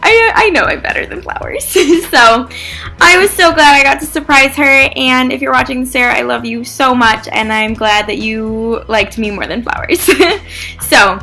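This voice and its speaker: A young woman vlogging casually, chatty and animated, often saying "like" and acting out what people said. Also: high-pitched, a little slow, creaky, soft background music. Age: young adult. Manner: chatty, animated, says "like" often, acts out quotes. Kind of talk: casual vlog storytelling.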